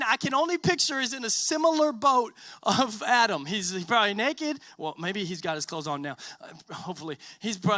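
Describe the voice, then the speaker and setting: A man in the pulpit with a high, bright voice, preaching in an animated, conversational way. He keeps checking in with the congregation and slips into casual voices for the characters in his story. The sound is close and dry. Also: no echo. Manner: conversational, many "right?" tags and restarts. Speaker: pastor. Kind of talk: sermon.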